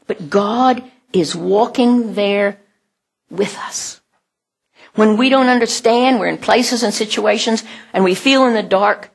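A woman's voice: mid-range voice, takes it slowly, vocal fry, slightly rough. A middle-aged woman giving a sermon in a conversational way, laughing often and acting out the voices she quotes. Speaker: pastor.

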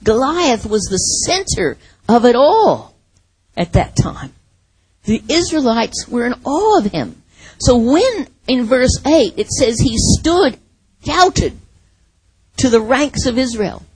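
A woman preaching a sermon, telling a Bible story with lively acted-out asides. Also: on the high side, takes it slowly, breathy edge, rough recording.

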